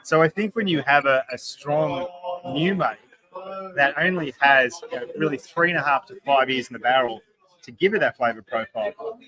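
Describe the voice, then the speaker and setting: A man's voice: medium pitch, normal speed, crowd noise, rough recording. An Australian man, a craft distiller, explaining in an emphatic, chatty way with the odd swear word, recorded at a distillery bar. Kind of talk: casual podcast chat.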